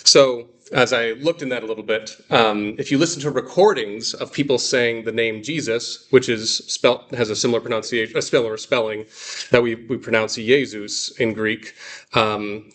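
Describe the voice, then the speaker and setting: A man's voice: medium pitch, steady tone, a bit bright. Man teaching a class, patient and explanatory. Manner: explanatory, repeats and models pronunciations slowly. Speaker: Greek teacher.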